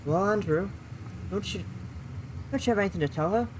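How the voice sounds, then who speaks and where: A woman's voice: medium pitch, fairly quick, noisy background, lightly acted. A woman voicing a strict, nagging middle-aged mother who scolds her teenage daughter. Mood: scolding. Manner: exasperated, scolding.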